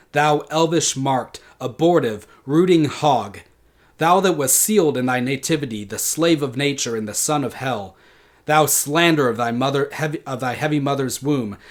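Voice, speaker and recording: A man's voice: mid-range voice, close to an everyday voice. A vengeful old queen casting curses, read by a man. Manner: slow, deliberate dramatic reading of verse. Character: bitter deposed old queen hurling curses. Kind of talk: dramatic reading in a lecture.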